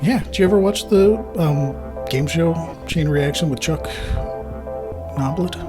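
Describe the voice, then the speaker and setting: A man's voice: on the high side, measured pace, loud music behind the voice. Dry, teasing male podcast co-host. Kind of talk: casual chat.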